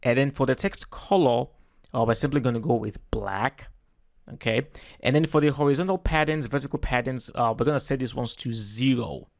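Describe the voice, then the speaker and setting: A man giving a relaxed, step-by-step screen-recorded web design tutorial, correcting himself as he goes. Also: medium pitch, a little fast, vocal fry, no room sound, clean studio sound.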